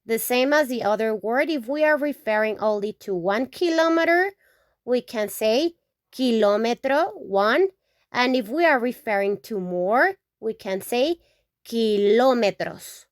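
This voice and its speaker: A woman's voice: a little high, no echo, studio quality. A woman teaching. She goes through a vocabulary lesson patiently, repeating each example word several times and checking in with "okay?". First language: Spanish. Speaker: Spanish teacher. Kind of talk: slow alphabet lesson with repeated example words.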